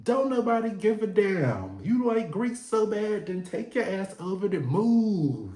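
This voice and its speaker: A man's voice: high-pitched, sing-song, measured pace, warm tone, voice pushed up. A man voicing a sassy teenage girl who mockingly tells her mother off. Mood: dismissive. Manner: dismissive, mocking. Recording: echoey room.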